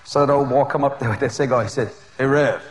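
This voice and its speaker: A male preacher telling a story during a sermon, animated and often laughing as he goes. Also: medium pitch, very fast, heavy background noise.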